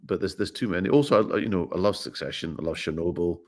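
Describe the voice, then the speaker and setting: A man's voice: sits low, quick pace. A middle-aged man with a Glaswegian Scottish accent, a guest actor chatting in an interview in a playful, joking way. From Scotland. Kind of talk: casual interview chat.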